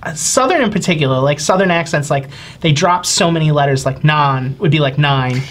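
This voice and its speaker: Woman, New Jersey accent, podcast co-host, very low pitch, rambling, faint noise. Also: fairly quick. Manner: rambling, lots of fillers. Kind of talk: casual podcast chat.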